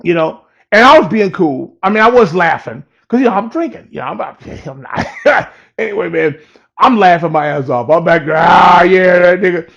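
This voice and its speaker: A man's voice: high voice, lively intonation, normal speed, vocal fry, a bit bright. A man casually telling a personal story in a profane, laid-back way and laughing at it. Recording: dull lo-fi recording.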